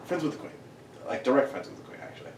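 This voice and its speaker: A young man co-hosting a podcast, chatting casually with friends and laughing often. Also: racing. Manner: laughing, loose, jokey banter. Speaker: podcast co-host. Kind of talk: casual chat among friends. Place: room in a shared house. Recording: echoey room, mic at a distance, faint hiss.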